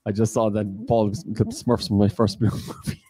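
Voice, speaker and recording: A man's voice: on the low side, flat delivery, moderate pace, dark tone, husky, no room sound, faint music behind. A man hosting an online quiz, reading out questions with jokey asides. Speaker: quiz host.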